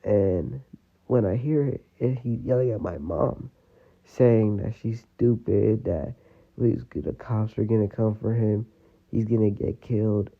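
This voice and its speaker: A man's voice: lowish voice, steady tone, a little slow, vocal fry. A man telling a personal story in a casual, rambling way, full of fillers. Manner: rambling, full of "you know" and "like". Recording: tinny phone-like audio.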